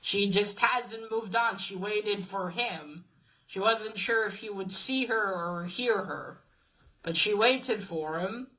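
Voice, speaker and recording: Slow, halting woman recapping a story. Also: medium pitch, fairly bright tone, muffled recording. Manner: hesitant, halting with many fillers and restarts. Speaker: video host retelling a comic. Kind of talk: casual plot recap.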